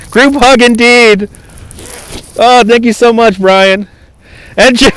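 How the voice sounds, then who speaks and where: High-voiced man chatting on a live stream. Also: steady tone, very slow, pauses often, a little hiss or hum. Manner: chatty, laughing, thanking viewers warmly by name. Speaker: livestream host. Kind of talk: live walking stream chat. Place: outdoors on a cold waterfront. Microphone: phone on a gimbal.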